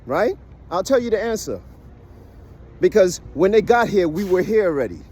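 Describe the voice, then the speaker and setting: A man's voice: high-pitched, sing-song, normal speed, darkish tone, husky. A man from the United States giving a casual, emphatic monologue to his viewers, often tossing in "right?" as he argues a point. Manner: keeps asking "right?" as he lectures; emphatic, questioning, persuasive. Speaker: vlogger. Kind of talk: casual talking-to-camera monologue.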